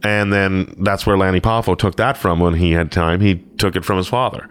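A man with a fairly low voice chatting casually, telling long rambling stories. He slips into brief impressions as he talks. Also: steady tone, fairly quick, a bit bright. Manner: rambling storyteller, mimics wrestlers mid-story. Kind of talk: casual chat.

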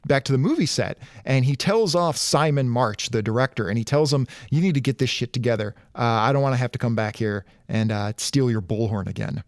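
A man's voice: mid-range voice, a little fast, hardly any pauses, dry recording, studio quality. Wry man telling stories in casual chat. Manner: profane, wry storytelling. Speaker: podcast co-host.

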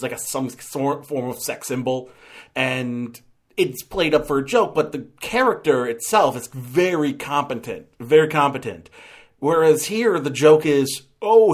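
A man's voice: mid-range voice, fairly bright tone. A man giving a casual, rambling film review, full of restarts and fillers.

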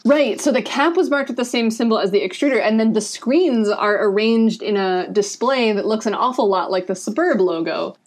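A woman's voice: on the high side, normal speed, hardly any pauses. Chatty woman co-hosting a podcast. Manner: chatty and explanatory, with frequent "um" and "like". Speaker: podcast co-host. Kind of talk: casual discussion of a comic.

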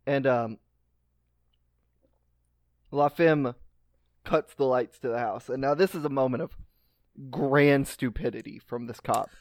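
A man's voice: medium pitch, unhurried, long pauses, no room sound. A man co-hosting a casual film podcast, blunt and joking, swearing casually. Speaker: podcast co-host.

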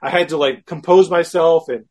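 A man, a guest, telling a personal story in casual talk, animated and self-mocking, acting out his own quoted thoughts. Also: fairly high pitch, normal speed.

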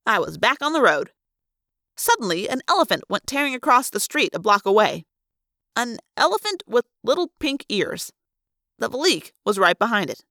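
A woman narrating a fan read-aloud of a novel in a lively, expressive way. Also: on the high side, moderate pace, dry recording, studio quality.

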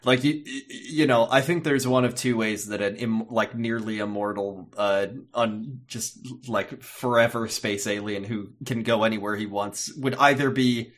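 A man's voice: fairly low pitch, fairly even intonation, unhurried, few pauses, fairly bright tone. A man co-hosting a casual chat recap of a TV episode, joking and rambling with lots of fillers. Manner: jokey, rambling, with frequent fillers. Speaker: podcast co-host.

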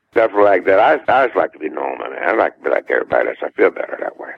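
An older Southern man with a deep, husky voice full of vocal fry chats as a guest singer in a relaxed radio interview. He laughs often, repeats words, and talks in a warm, down-home way. The dry recording sounds dull and muffled.

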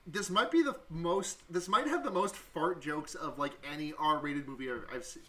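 A man's voice: a little high, normal speed, pushed and bright, slight background noise. A man co-hosting a casual podcast about a film, rambling and restarting his sentences, with plenty of swearing. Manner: rambling, restarts often, profane. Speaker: podcast co-host.

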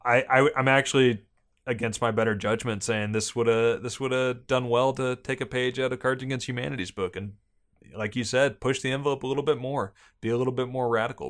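A young adult man co-hosting a casual board game podcast, talking in a measured, hedging way with frequent restarts. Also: lowish voice, a bit bright. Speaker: podcast co-host reviewing board games. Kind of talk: casual chat.

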